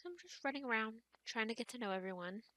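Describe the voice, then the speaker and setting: A woman's voice: a little high, lively intonation, fast, pushed and bright. A woman hosting a gaming channel, giving casual let's-play commentary in a chatty, rambling way as she thinks aloud.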